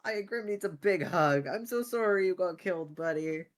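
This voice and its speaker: A woman's voice: fairly low pitch, moderate pace, a crowd in the background. A woman in voice chat with fellow players, gushing, laughing easily and swearing freely. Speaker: game player. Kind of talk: casual voice chat.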